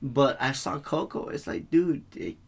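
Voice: mid-range voice, sing-song, unhurried, vocal fry, breathy edge. Earnest podcast co-host. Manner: earnest, arguing a point with restarts. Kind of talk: casual chat.

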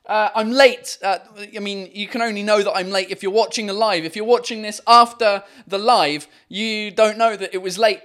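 Rambling, excitable man hosting a live show. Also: high voice, moderate pace, few pauses. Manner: chatty and rambling with frequent fillers; excitable, swears casually. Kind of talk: casual chat. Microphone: microphone.

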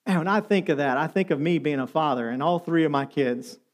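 A middle-aged male pastor preaching a sermon, telling stories and moving between lively and soft, tender delivery. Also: fairly high pitch, a little fast.

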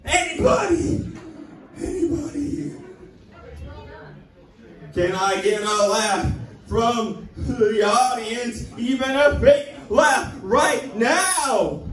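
High-voiced man doing stand-up in an echoey club. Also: lively intonation, extremely slow, long pauses, a bit bright. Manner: mock-preacher crowd work, calling for hallelujahs. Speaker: open mic comedian. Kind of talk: stand-up comedy at an open mic. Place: small comedy club stage. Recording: echoey room, distant mic.

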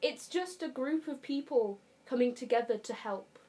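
A woman chatting enthusiastically as a podcast co-host, with quick quips. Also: high voice, mellow. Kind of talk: casual chat.

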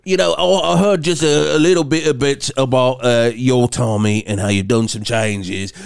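A man's voice: medium pitch, fairly even intonation, normal speed, gravelly, smooth, no echo, clean studio sound, natural voice. A man improvising as a crude, hot-headed aging rock star in a put-on British accent, swearing and calling everyone mate. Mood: swaggering. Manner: swaggering, foul-mouthed, calls everyone mate. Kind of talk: improvised comedy podcast.

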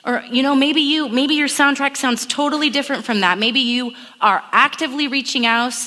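Bright-voiced woman preaching in a hall. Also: high-pitched. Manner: acts out inner voices in quick murmured asides. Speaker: camp speaker. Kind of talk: sermon. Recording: long echo of a hall.

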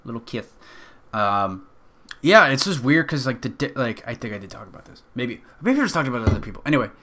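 A man's voice: medium pitch, sing-song, quick pace, bright, forceful tone. A young man hosting a solo podcast, rambling casually, swearing often and cracking jokes at his own expense. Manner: rambling, profane, joking. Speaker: podcast host.

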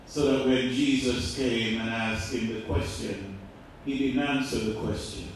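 A male pastor preaching a sermon, asking the congregation rhetorical questions and swinging between loud and quiet. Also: mid-range voice, fairly even intonation, unhurried, a little hiss or hum. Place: church. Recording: echoey church hall, mic far off.

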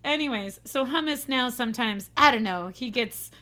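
Giggly high-voiced woman podcaster. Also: moderate pace, sharp tone. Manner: giggly, rambling, playful. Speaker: podcast co-host. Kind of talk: casual chat.

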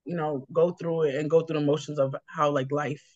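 A woman interviewing a guest in casual talk, asking gentle, sympathetic questions. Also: low voice, level tone, fairly quick, no room sound. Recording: dull lo-fi mic, dry.

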